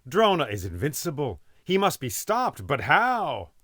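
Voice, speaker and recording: A man voicing a mighty, hot-headed male warrior with a blunt, forceful way of speaking. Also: fairly high pitch, huge pitch swings, measured pace, no room sound, studio quality, voice pushed up, heavily acted. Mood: urgent.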